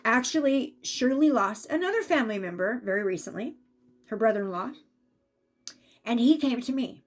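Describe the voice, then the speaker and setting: A woman giving a casual spiritual reading as an intuitive reader, chatty and animated when she acts out what spirits say. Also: on the high side, normal speed.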